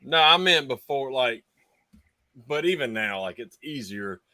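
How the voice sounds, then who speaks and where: A man's voice: mid-range voice, animated, a little slow, crowd noise. A man co-hosting a casual video-call podcast, easygoing and reflective. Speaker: co-host. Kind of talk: casual chat.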